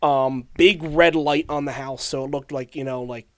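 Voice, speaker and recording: A woman's voice: extremely low pitch, steady tone, normal speed, no room sound, studio quality. A woman co-hosting a podcast, telling stories casually with many fillers. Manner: easygoing storyteller, many fillers. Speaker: podcast co-host. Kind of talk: casual chat.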